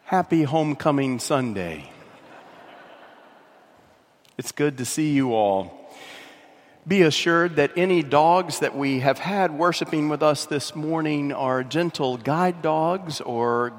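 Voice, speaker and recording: A man, a pastor delivering a sermon in a measured, wry way. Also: a little high. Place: large church sanctuary. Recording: long church reverb.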